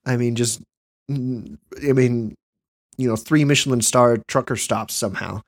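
A man's voice: medium pitch, a little slow, no room sound, studio quality. A man in casual chat among friends, telling stories with frequent laughter and acted-out quotes. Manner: storytelling, laughs often, acts out quoted voices. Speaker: podcast co-host.

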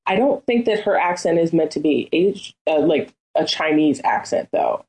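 Woman, lowish voice, exasperated, ranting podcast co-host, casual chat. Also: lively intonation, normal speed, a little mellow, rough recording. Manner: exasperated, ranting, acting out characters in quotes.

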